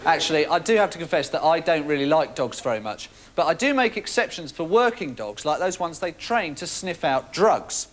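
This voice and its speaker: A man's voice: on the high side, moderate pace, hardly any pauses. A male comedian doing a wry stand-up routine. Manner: wry, deadpan jokes.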